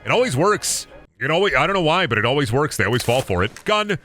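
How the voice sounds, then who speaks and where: A man's voice: on the high side, big pitch swings, normal speed. A man streaming a video game, riffing with profane jokes in casual commentary. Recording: voice over loud game music.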